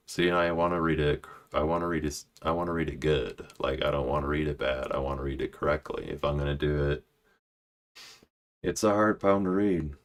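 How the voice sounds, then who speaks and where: A man's voice: extremely low pitch, fairly even intonation, fairly quick. A man streaming live, chatting casually and reading his own poetry aloud, restarting lines when he slips. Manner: self-deprecating, restarts lines, muttering asides.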